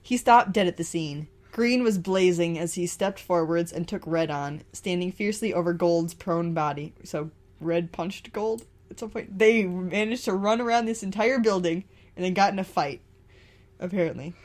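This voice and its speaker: A woman's voice: on the low side, normal speed, a little mellow. A woman reading fan fiction aloud, stumbling over words and adding laughing asides.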